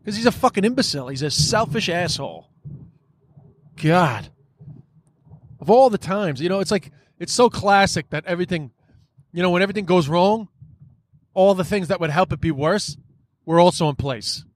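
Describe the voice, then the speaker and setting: A man's voice: high-pitched, expressive, moderate pace, long pauses. A man hosting a podcast, talking in a casual, frustrated monologue, swearing often and filling his speech with "like" and "you know.". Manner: frustrated, profane, many fillers.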